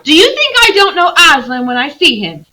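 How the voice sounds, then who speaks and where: A high, loud, pleading little girl's voice, as a woman reads her aloud. She is insistent and on the edge of tears, the pitch leaping upward and the tone bright. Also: sing-song, slow pace, full character voice. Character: excited young girl, insistent and tearful.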